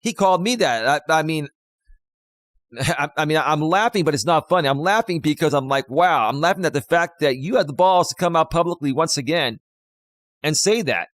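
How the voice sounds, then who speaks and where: A man's voice: a little high, expressive, a little fast, fairly bright tone, no room sound. A man, a life coach, talking on a live stream in an impassioned, preachy way that repeats points.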